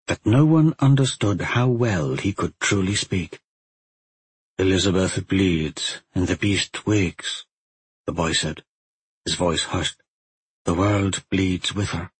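A man reading a fantasy novel aloud in a measured storytelling manner. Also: lowish voice, slightly rough, low-quality recording. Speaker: audiobook narrator. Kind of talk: scripted narration.

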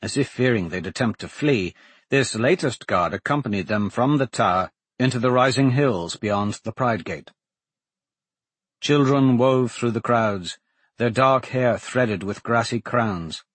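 Husky male audiobook narrator. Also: mid-range voice, no echo. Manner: measured, dramatic storytelling.

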